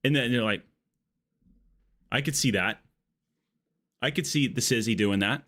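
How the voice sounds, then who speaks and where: A man's voice: medium pitch, measured pace, pushed and bright. A man streaming a game live, chatting casually in a rambling, jokey way that drifts off on tangents. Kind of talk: casual live-stream chat while gaming.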